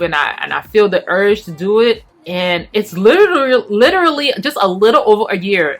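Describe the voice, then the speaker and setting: A woman, sharing an emotional faith testimony at home while packing, fast in bursts and then soft. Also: mid-range voice. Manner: earnest, emotional, talks fast in bursts and then goes quiet. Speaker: faith vlogger. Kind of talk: personal testimony vlog.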